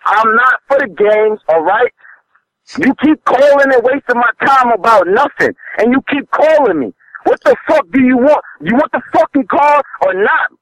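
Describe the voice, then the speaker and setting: A man's voice: very high voice, a bit bright, no echo, rough recording. A man selling a car who is angrily cursing and threatening an unwanted caller over the phone. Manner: angry, profane, threatening. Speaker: car seller answering a call. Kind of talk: heated phone argument. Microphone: phone call.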